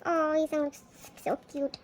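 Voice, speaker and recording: A woman unboxing albums on a casual vlog, gushing excitedly and gasping at each card she pulls. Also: sits high, normal speed, slight background noise.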